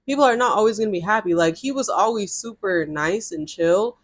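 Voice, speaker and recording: A young woman in her twenties telling a personal story in casual storytime chat, animated and full of "like". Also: medium pitch, a little fast. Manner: animated, chatty, lots of filler "like". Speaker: vlogger.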